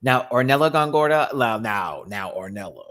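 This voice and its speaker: A man's voice: mid-range voice, lively intonation, moderate pace, a bit bright. An American man hosting a casual review show, talking in a campy, exclaiming way full of slang. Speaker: YouTube reviewer host.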